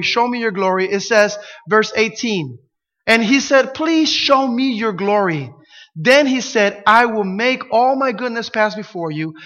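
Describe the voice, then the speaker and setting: A pastor preaches with a high, bright voice, acting out the lines he quotes. His sermon rings through a reverberant hall. The recording sounds dull and muffled. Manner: animated preaching, acts out quotes, grows louder and emphatic.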